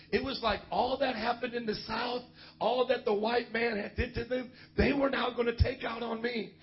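High-voiced pastor telling lively stories. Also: male voice, dull audio, a little hiss or hum. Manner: animated, joking, often laughs mid-story. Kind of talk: sermon storytelling.

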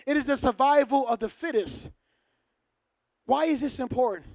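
A man preaching a sermon to his church, casual and lively, acting out short dialogues. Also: extremely high pitch, normal speed, dry recording. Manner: casual, acts out little dialogues. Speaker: pastor.

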